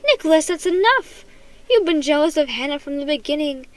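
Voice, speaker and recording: A woman's voice: high-pitched, fairly even intonation, fast talker, a little mellow, voice pushed up, close to an everyday voice. A woman voicing a firm, scolding mother in a storybook reading. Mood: stern, upset. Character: stern, weary mother of a young boy.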